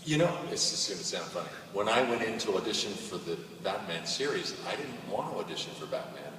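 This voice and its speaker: A man voice actor on a convention panel talking in a relaxed, conversational way, recorded from far off on a phone in a big hall. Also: low voice, fairly quick, crowd noise. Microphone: far phone recording from audience. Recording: echoey hall, distant phone mic.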